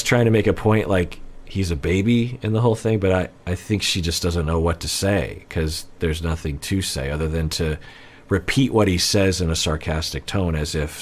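A man, a relationship counselor, giving measured, analytical reaction commentary. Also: sits low.

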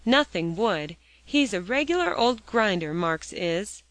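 A woman's voice: medium pitch, animated, measured pace, a bit bright, no room sound. Woman voicing a sulky hot-tempered schoolboy. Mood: indignant. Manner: indignant, grumbling.

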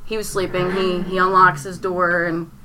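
A woman's voice: on the low side, flat delivery, moderate pace, a crowd in the background, poor audio. A young woman tells a painful personal story in a rambling way, leaning on "like" and restarting her sentences. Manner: rambling, heavy use of "like", restarts under strain.

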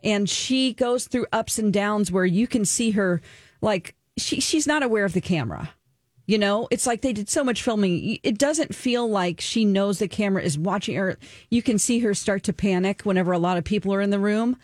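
A woman's voice: medium pitch, lively intonation, normal speed, darkish tone, dry recording. Earnest woman talk-radio host, dry sound. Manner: earnest, emotional and open, sharing personal experience. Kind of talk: casual talk-radio chat, reviewing a documentary.

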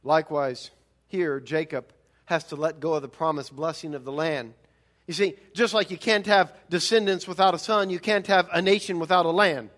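A man's voice: on the high side, moderate pace, a bit bright. A man preaching a sermon, emphatic, with rhetorical questions and frequent repeated words. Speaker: pastor.

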